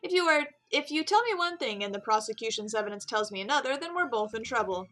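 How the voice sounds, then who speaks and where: A woman's voice: fairly high pitch, animated, fast, pushed and bright. A woman voicing a stern, formal male bird lawyer who gives curt orders.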